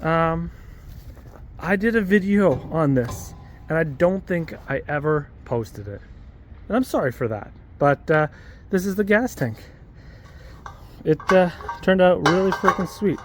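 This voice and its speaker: High-voiced male vlogger; loose, rambling, self-deprecating delivery. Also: lively intonation, unhurried, pauses often, a little hiss or hum. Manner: rambling, self-deprecating, stumbling over words. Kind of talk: casual vlog chat. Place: home garage.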